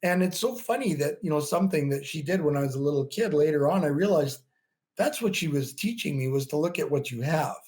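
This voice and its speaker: Chatty man in his fifties, a bit high. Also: a little fast. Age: 50s. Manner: chatty, animated storytelling, many "you know" fillers, laughs often. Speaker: podcast guest, bodybuilder and prep coach. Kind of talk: casual interview talk.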